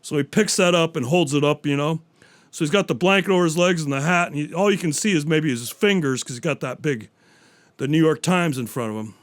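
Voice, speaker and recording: A man's voice: fairly high pitch, brisk. Profane rambling man hosting a podcast. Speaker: podcast host.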